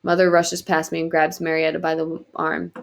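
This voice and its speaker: A woman reading a novel aloud in quiet, earnest first-person narration. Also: low voice, monotone, normal speed, vocal fry. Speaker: audiobook reader.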